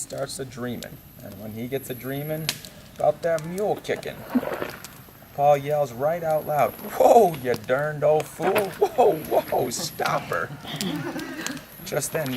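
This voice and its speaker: A man's voice: medium pitch, background noise. Man with a drawl. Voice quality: drawling hick dialect, chuckles at his own punchlines. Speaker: campfire storyteller. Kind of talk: folksy comic monologue. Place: outdoors at a campfire.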